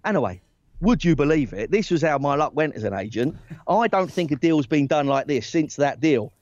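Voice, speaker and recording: Guy spinning wild stories on a podcast, gets loud and squeaky when worked up, dull dry sound. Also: brisk, dry recording. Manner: animated anecdotes, rising excitedly, lots of restarts. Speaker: guest, former football agent. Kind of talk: casual storytelling in a podcast interview.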